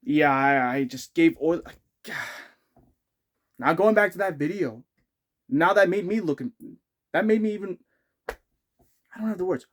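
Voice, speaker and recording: A man's voice: sits high, lively intonation, slow pace, pauses often. A man ranting as a hockey fan vlogger, rambling and frustrated, with many restarts and self-corrections. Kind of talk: sports fan rant.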